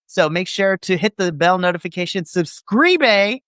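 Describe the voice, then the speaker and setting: A man hosting a casual wrestling review podcast, playful and jokey with quick asides. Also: sits high, fairly even intonation, a bit bright, smooth, no room sound, studio quality. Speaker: podcast host.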